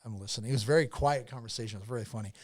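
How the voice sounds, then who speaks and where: A man's voice: mid-range voice, rapid-fire, darkish tone. A man as a podcast guest, telling a long casual story with lots of fillers, restarts and swearing.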